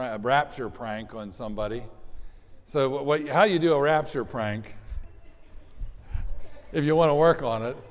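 Guy pastor preaching, chatty and rambly, lots of restarts, big hall echo. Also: medium pitch. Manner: conversational, rambling with restarts and asides. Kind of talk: sermon. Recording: long hall reverb.

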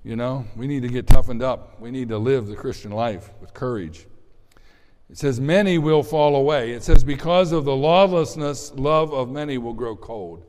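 An older man in his sixties preaches a sermon as a pastor in a church sanctuary. He talks in a conversational way at an ordinary pitch, often repeating words and chuckling. His voice carries a long reverb from the hall. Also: normal speed, a little mellow.

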